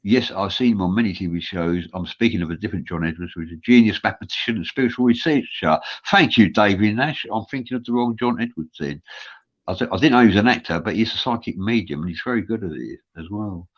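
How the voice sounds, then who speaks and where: A London show host with a lowish voice talks fast while reading viewer comments on a live chat. He is earnest and rambling with lots of filler uhs, and the sound is muffled and lo-fi.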